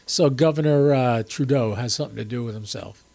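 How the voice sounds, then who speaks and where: Brisk yet mellow, the medium-pitched, gravelly voice belongs to an older man running a ham radio stream from home. He sits on camera and chats casually with viewers, a little stuffy from a cold.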